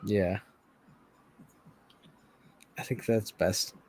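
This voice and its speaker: A man's voice: fairly low pitch, steady tone, very slow, no room sound. A man co-hosting a podcast, joking in casual chat and laughing often. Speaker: podcast co-host.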